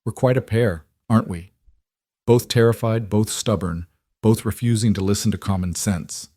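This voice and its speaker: A man voicing a huge, gentle cowboy who is frightened for the woman he loves, speaking roughly and from the heart, in a storybook reading. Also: fairly low pitch, moderate pace, no room sound, clean studio sound, lightly acted. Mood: heartfelt.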